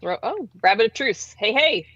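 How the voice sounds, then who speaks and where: A woman's voice: fairly high pitch, expressive, normal speed, a bit bright, no room sound. A woman hosting a casual livestream talk show, chatty and laughing often, with lots of fillers. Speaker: host. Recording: dry, dull lo-fi sound.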